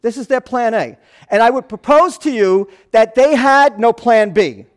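A man pastor preaching a sermon, telling the story in an animated way that swings between loud and hushed. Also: very high voice, a little slow.

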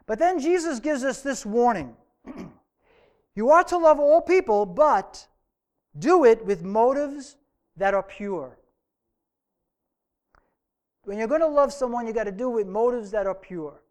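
A man's voice: extremely high pitch, animated, measured pace, long pauses, darkish tone. A man preaching a sermon to his church, earnest, stretching out key phrases for emphasis. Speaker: pastor.

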